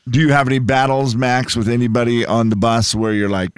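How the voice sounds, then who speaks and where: A man's voice: medium pitch, a little fast, clear, resonant tone, dry recording. Easygoing male radio host, dry studio sound. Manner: relaxed, rambling questions with fillers. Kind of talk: casual radio chat.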